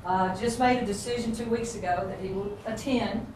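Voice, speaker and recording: A woman tells folksy stories as a coach in a motivational speech. Her voice carries at a middling pitch through a big, echoing hall. The mic sits far from her, and steady noise runs underneath. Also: brisk. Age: 50s. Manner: folksy, earnest storyteller. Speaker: basketball coach giving a speech. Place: large hall with an audience.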